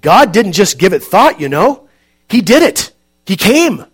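A man's voice: high voice, sing-song, a little slow, breathy edge, pitched above the performer's own voice, exaggerated voice. A man doing a spunky old Midwestern church janitor. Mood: folksy, blunt. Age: older. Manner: folksy, blunt, hard of hearing. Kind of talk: audiobook narration.

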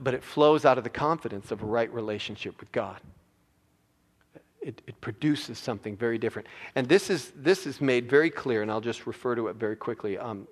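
A male pastor preaching a sermon, emphatic and prone to repeating words as he builds his points. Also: mid-range voice. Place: church sanctuary. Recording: long reverb of a large hall.

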